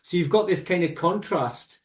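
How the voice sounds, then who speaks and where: A man co-hosting a relaxed music podcast, talking in a voice that sits a little on the high side. He explains his views at length with plenty of asides, drifting from one tangent to the next. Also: moderate pace. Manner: rambling, animated explanations with asides. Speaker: podcast co-host. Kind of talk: casual music review chat.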